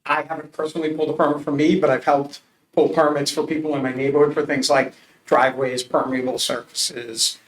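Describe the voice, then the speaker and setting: A man's voice: a little high, level tone, a little fast. A man from Massachusetts answering a council committee's interview questions, earnest and emphatic, telling stories with frequent restarts. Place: council chamber. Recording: roomy public meeting audio.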